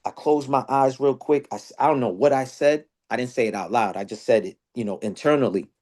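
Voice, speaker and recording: A man telling a story in casual podcast chat. His voice sits at a middle pitch, and it leaps up when he quotes others. He talks loose, slangy and animated. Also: brisk. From Boston area. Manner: animated storyteller, slang-heavy, jumps high when quoting people. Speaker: podcast host.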